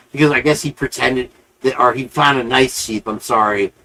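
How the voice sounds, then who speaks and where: A man's voice: mid-range voice, normal speed, bright, forceful tone, low-quality recording. A man hosting a live-stream show, telling a long rambling story in a casual, profane, chatty way.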